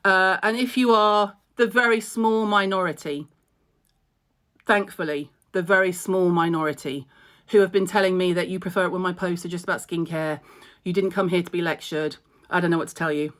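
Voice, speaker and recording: A woman's voice: lowish voice, a bit bright. A middle-aged woman talks straight to her followers in a vlog. She is tearful and emotional, yet blunt and outspoken, and swears without a second thought. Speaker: skincare blogger. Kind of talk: direct-to-camera vlog update.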